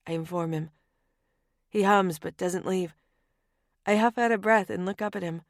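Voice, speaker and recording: A woman's voice: on the low side, moderate pace, long pauses, dry recording, studio quality. Wry woman narrating a romance. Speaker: audiobook narrator. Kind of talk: first-person romance narration.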